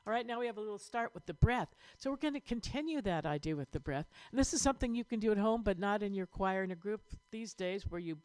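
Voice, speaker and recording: A woman choir director leading an online vocal warm-up lesson, upbeat and encouraging as she demonstrates breathing exercises. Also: medium pitch, lively intonation, quick pace, few pauses, no room sound.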